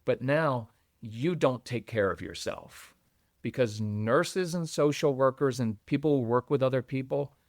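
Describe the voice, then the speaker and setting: A man's voice: medium pitch, unhurried, dry recording, studio quality. An older man speaking as a guest parenting coach on a podcast, talking in an earnest, heartfelt, rambling way. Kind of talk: podcast conversation.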